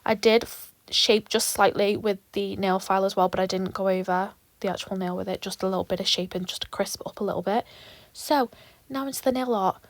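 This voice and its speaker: A young woman talking through a nail tutorial in an animated, rambling way, with lots of swearing and asides. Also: medium pitch, fairly quick, dry recording. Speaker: nail tech vlogger. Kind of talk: chatty tutorial vlog.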